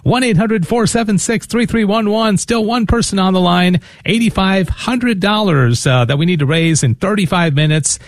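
This man has a high voice and speaks at a normal pace with hardly any pauses, with no room sound around him. He's hosting a radio fundraiser from a studio, chatting casually and tripping over words he repeats as he pitches for support.

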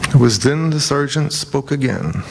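A man reading a first-person story and a prayer in a measured, solemn way. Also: medium pitch, animated, creaky, in a large hall, noisy background. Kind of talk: slow scripted reading and prayer.

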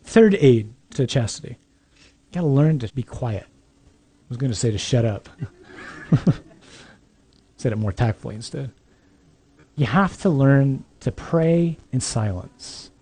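Mellow, emphatic male preacher. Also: mid-range voice. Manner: conversational and emphatic with dry humor. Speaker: priest. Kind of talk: sermon to young adults.

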